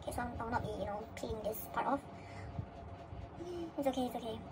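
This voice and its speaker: A woman vlogger chatting casually through an unboxing and breaking into excited high squeals. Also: fast talker, noisy background.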